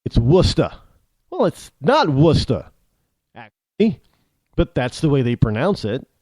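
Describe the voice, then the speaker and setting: A man's voice: mid-range voice, wildly swooping pitch, normal speed, darkish tone, dry recording. A man with an American accent hosting a talk radio show, rambling through an opinionated monologue with frequent restarts and asides. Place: New England.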